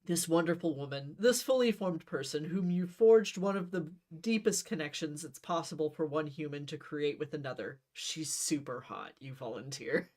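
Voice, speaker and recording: A woman with a somewhat low voice reads a comic gamebook aloud. She keeps it casual and playful, breaking off for quick asides and stumbling now and then. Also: dark tone. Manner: playful, laughs at own jokes, slips and restarts. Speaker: book reader.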